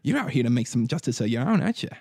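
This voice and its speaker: A man's voice: mid-range voice, sing-song, racing, gravelly, a little mellow, husky, dry recording, clean studio sound, exaggerated voice. A man voicing a menacing, condescending bald gang boss who lectures and taunts in a tabletop game. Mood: menacing taunting. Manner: taunting, lecturing, repeats the listener's name.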